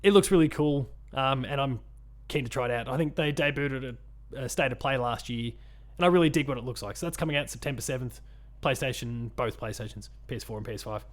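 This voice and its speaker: A man's voice: medium pitch, fast talker. A man from Australia co-hosting a casual chat podcast, rambling with many ums and restarts. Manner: rambling, lots of ums and restarts, laughs often. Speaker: podcast co-host.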